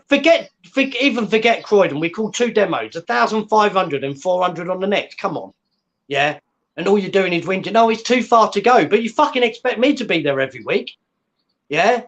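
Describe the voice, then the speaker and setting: A man with a high-pitched voice rants furiously on an online call. He swears nonstop and keeps tagging his points with a challenging "yeah?". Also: a bit bright, lo-fi sound. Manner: swearing, combative, repeats "yeah?" for emphasis. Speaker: guest. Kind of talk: angry ranting on a livestream.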